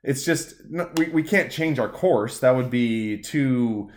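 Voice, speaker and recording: A man's voice: mid-range voice, lively intonation, slow, slight background noise. Rambling, profane young man. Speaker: podcast co-host. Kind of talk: casual chat.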